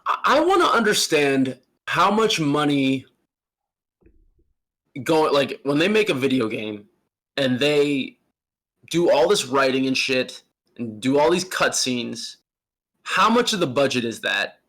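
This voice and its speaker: A man's voice: mid-range voice, big pitch swings, unhurried, pauses often, fairly bright tone. A man co-hosting a casual podcast, talking in a blunt, joking way and swearing freely. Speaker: podcast co-host. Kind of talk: casual chat about video games.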